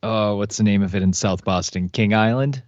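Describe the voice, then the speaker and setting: A man speaking as a podcast guest in easygoing casual chat, pausing to search for words. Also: lowish voice, darkish tone, dry recording. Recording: dry, slightly dull lo-fi audio.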